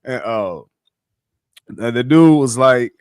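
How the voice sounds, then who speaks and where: A man on a casual livestream, telling his life story in animated slang, swearing freely. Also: mid-range voice, takes it slowly, clean tone, no room sound, studio quality.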